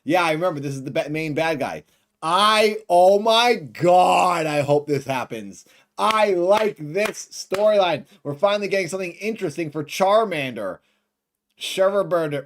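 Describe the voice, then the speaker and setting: Male streamer, reaction commentary, higher voice, excitable. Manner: excitable, bursts into shouts.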